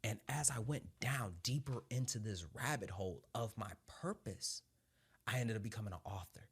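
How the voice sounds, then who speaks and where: A former Marine sergeant in his thirties tells his story in conversation with animated energy, laughing often and swearing casually. His voice sits on the low side, with a breathy edge and moderate pace.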